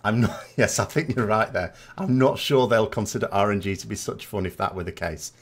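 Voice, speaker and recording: A man's voice: fairly low pitch, brisk, husky. A British man chatting casually as a gaming vlogger, reading out viewer comments and answering them with rambling asides and tag questions.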